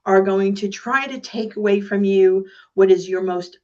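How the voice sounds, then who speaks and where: A woman's voice: mid-range voice, a little slow, muffled recording. A woman who is a guest speaker on a podcast interview, telling stories with energy and acting out the voices of the people in them. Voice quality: animated storyteller, acts out voices in anecdotes.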